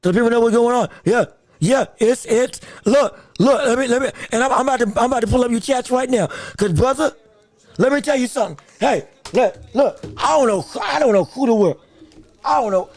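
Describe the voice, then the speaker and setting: A male podcast host giving live commentary on a boxing decision. He talks excitably, repeats himself, breaks into shouts, and greets viewers from the chat. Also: very high voice, fairly quick, no echo.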